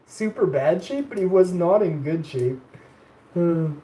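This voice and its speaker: A man's voice: fairly high pitch, very animated, measured pace, warm tone. A man telling rambling childhood stories in a casual stream, laughing often and raising his voice when he quotes people. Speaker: live streamer. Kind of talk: casual storytelling. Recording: echoey room with faint ambient noise.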